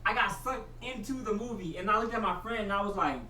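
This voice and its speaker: A vlogger telling a story in slangy casual chat, saying "bro" a lot, moving between mumbled asides and loud excited bursts. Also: mid-range voice, fast, distant mic. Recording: echoey room, voice from off the mic, faint hiss.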